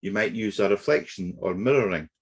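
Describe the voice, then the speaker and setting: Guy teaching a negotiation webinar, deep husky voice, steady explaining. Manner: measured explanatory delivery with occasional fillers. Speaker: negotiation trainer. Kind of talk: webinar lecture. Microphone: webinar computer mic.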